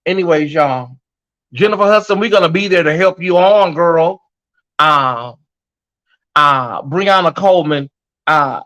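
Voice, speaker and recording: A sassy man hosting a live stream, with a high voice that rides well above most men's. His tone is bright and forceful. He chats loosely and calls his audience y'all and honey. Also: animated, measured pace. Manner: sassy and chatty, addresses viewers as y'all and honey. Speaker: host of a live online commentary show. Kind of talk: casual live-stream commentary.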